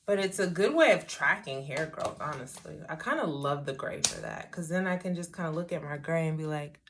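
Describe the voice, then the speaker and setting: A woman's voice: low-pitched, expressive, brisk, slight background noise. A middle-aged woman talking casually through a hair tutorial, rambling with wry asides to herself. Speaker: hair vlogger.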